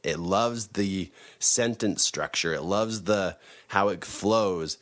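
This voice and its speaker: A man's voice: low-pitched, slow pace, a bit bright. A man giving a motivational teaching talk, emphatic and repeating his key phrases.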